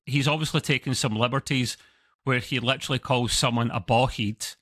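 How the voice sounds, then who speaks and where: Co-hosting a casual review chat for a TV show over video call, this man from Scotland speaks with a Scottish accent, rambling, self-correcting, and chuckling in asides. His medium-pitched voice is steady and fairly bright, a little fast, with no echo.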